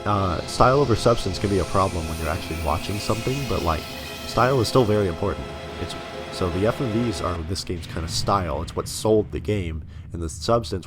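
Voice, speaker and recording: A young man casually commenting over a video game he is playing, laughing often and swearing freely. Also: deep voice. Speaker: let's play commentator. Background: game music.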